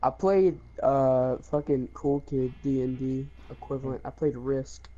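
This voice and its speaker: A man's voice: medium pitch, fairly even intonation, a little slow, dark tone, lo-fi sound. A man casually telling a boastful, profane story, rambling with lots of fillers and laughing as he goes. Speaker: gaming video creator.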